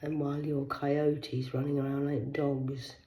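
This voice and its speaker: Woman vlogging solo, rambling and foul-mouthed, dropping to whispers then flaring loud. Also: rumbling low, flat delivery, unhurried, noisy background. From Cornwall, England. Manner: profane, rambling, veers between hushed whispers and loud outbursts. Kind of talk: rambling solo monologue to camera.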